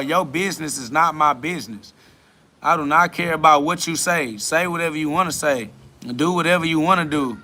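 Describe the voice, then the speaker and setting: Swearing constantly, a livestream host brushes off and argues with chat comments in a profane spiritual rant. His voice is a little high and sounds pushed and bright.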